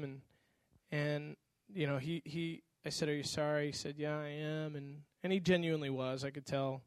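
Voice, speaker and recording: Male pastor, high voice, lively storytelling sermon, dry close sound. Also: no room sound. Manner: animated storytelling, acting out voices.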